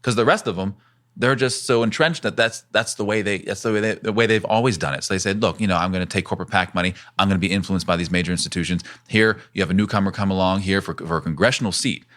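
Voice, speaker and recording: Earnest male political guest, low voice, podcast interview. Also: fast, fairly bright tone. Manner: earnest, campaign-style talk. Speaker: congressional candidate, guest.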